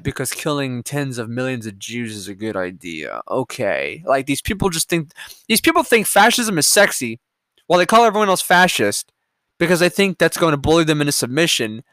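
A man hosting a solo podcast, reading headlines aloud and ranting about them in a profane, combative way, swinging between loud outbursts and low muttering. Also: dry recording, studio quality. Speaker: podcast host.

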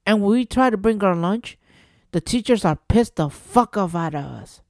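With a high pitch, lively intonation and a moderate pace, this New Jersey podcast host sounds a little mellow as he rants solo. The recording is dry and studio quality. He's exasperated and profane, peppering the casual rant with rhetorical questions.

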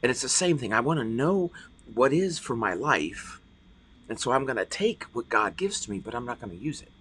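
A man's voice: medium pitch, sing-song, a little fast, a bit bright, breathy edge. A middle-aged man preaching a podcast sermon as pastor, earnest and often repeating words as he stresses a point.

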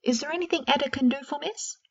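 A woman voicing a very old, small, kindly female house elf with a squeaky voice who speaks of herself in the third person. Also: fast, distant mic, dull audio. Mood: eager kindly.

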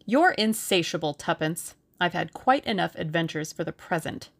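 A woman's voice: fairly low pitch, animated, moderate pace. A woman doing a bossy, brash young Englishman. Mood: teasing. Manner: forceful, bossy bursts. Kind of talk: audiobook character reading.

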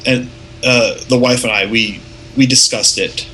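Man, film chat co-host, bright and lively, acts out quotes; slight background hiss. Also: mid-range voice, measured pace, poor audio. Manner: animated, acts out quoted lines. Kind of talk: casual film discussion.

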